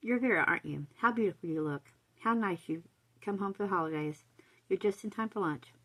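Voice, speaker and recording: A woman reading aloud, voicing a cheerful, kindly older woman who gushes slowly and warmly. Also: deep voice, gravelly. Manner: gushing, warm, slow.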